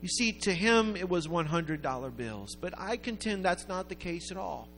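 A man preaching a sermon, telling a story in a rambling way that builds to loud, emphatic peaks. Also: sits high, expressive, moderate pace, a little hiss or hum. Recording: long hall reverb with faint music.

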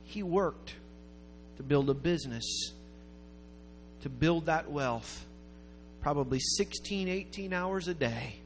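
A man preaching a sermon, telling a story in a rambling way that builds to loud, emphatic peaks. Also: a little high, slow, long pauses. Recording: long hall reverb with faint music.

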